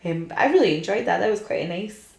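A woman's voice: medium pitch, lively intonation, fast, gravelly, darkish tone, reverberant. A woman hosting a podcast, chatting casually and bluntly. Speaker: podcast host. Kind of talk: casual chat.

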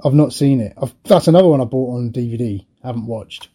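This middle-aged man talks quickly in a warm, slightly rough mid-range voice. Co-hosting a podcast, he rambles about films with plenty of anecdotes and frequent laughter.

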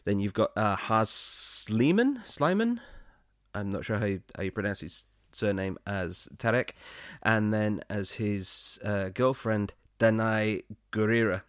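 A British man with a low voice chats casually as a film podcast co-host. He talks in a relaxed, conversational way and lights up easily. The sound is dry, close and free of room echo. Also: unhurried, clean tone. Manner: chatty, laughing, animated when excited.

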